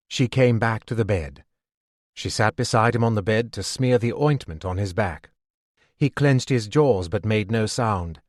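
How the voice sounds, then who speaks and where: A man narrating a fantasy audiobook in a steady, measured storytelling voice on a close studio mic. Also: lowish voice, dry recording. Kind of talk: scripted narration.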